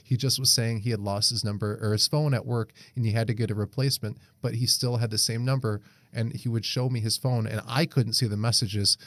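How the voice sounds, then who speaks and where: A man's voice: medium pitch, fairly even intonation, brisk, a bit bright, no room sound. A young man, co-hosting a podcast in casual chat, reading a Reddit post aloud, swearing freely and laughing often. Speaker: podcast co-host.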